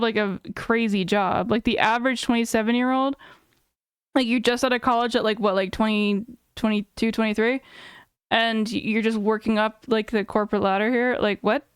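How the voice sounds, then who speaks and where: Her voice fairly high and clean-toned, a woman in her 30s reacts on a live stream, musing aloud in a chatty way full of fillers and self-corrections. The audio is dry and studio quality.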